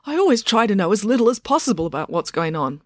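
A woman's voice: mid-range voice, big pitch swings, fast talker, no room sound, studio quality, voice pushed up. A woman voicing a nervous, awkward middle-aged father who talks in a pleading way.

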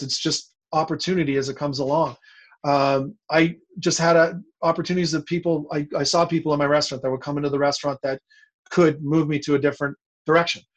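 A man as a guest in an interview, telling a long story in a rambling, animated way with many restarts. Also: a little high.

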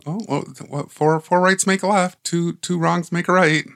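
A man's voice: high-pitched, steady tone, moderate pace, creaky, fairly bright tone. Playful man with an easy laugh. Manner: laughs easily, playful, asks follow-up questions. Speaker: podcast co-host. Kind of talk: casual podcast chat.

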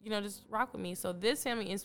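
A woman's voice: medium pitch, very fast. A young adult woman from Detroit, a podcast guest in casual chat, telling stories animatedly and acting out her own past remarks. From Detroit, Michigan.

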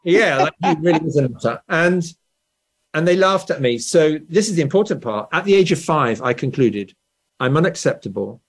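A guest author from England talks at normal speed in a slightly rough, expressive voice that's a little high, with a standard Southern English accent. The conversational interview finds him explaining ideas, often saying "right?" and restarting sentences.

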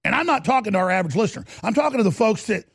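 A man's voice: high-pitched, big pitch swings, rapid-fire, vocal fry, fairly bright tone, slightly rough, dry recording, clean studio sound. A middle-aged man hosting a talk radio show, ranting fervently and combatively and hammering points through repetition between ad reads.

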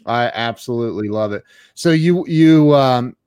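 Host guy, quick "yep" and "wow" reactions, dry sound, no room. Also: mid-range voice, animated, a little mellow, smooth, no room sound. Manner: short encouraging interjections. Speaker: podcast host. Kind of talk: casual interview chat.

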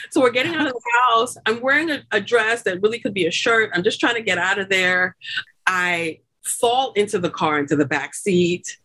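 Woman telling a lively, laugh-filled story. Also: normal speed. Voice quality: expressive, acts out quoted people with high, loud bursts. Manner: chatty, laughing often, many fillers like "like" and "you know". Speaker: podcast guest. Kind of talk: animated birth story told in casual chat.

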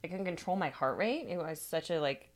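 Chatty woman with a lowish voice. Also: expressive, fairly quick. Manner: chatty, lots of "like" and laughs. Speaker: podcast guest. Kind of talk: casual personal storytelling.

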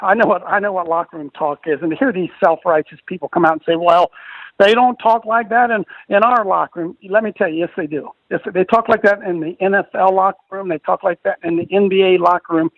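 Gravelly high-voiced older man preaching on radio. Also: fairly even intonation, quick pace, hardly any pauses, no echo. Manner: emphatic, preachy, repeats phrases for stress. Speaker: radio host, ministry leader. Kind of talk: conservative Christian radio talk. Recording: dull dry radio studio sound.

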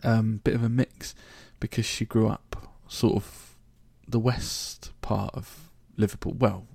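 Gravelly London man chatting casually. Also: on the low side, little pitch movement, takes it slowly, darkish tone, dry recording. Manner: chatty, joking, rambling. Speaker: podcast host. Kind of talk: casual solo podcast monologue.

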